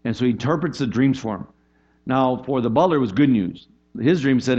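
A male pastor delivers an animated, conversational sermon to a congregation, checking in with the crowd and swinging his voice upward when he makes a point. His pitch sits in the middle for a man. The recording sounds dull and lo-fi. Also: fairly quick. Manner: animated, conversational preaching with frequent "right?" and pitch leaps.

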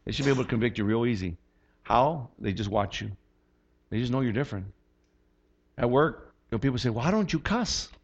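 A male pastor preaching a sermon in an animated, conversational way, often repeating words as he starts a thought. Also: medium pitch, brisk, long pauses.

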